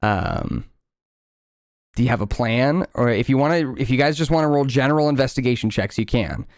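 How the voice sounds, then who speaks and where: A man narrating a tabletop game as game master, patiently explaining rolls. His voice is smooth and clear at a medium pitch. The recording is close and dry. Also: normal speed, no echo. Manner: explaining rules patiently, with filler words.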